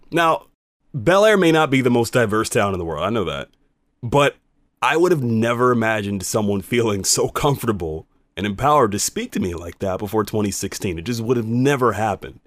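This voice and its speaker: Man telling a personal story, lively pitch, emphatic, dry close sound. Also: dry recording. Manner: animated, conversational, emphatic. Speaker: radio host.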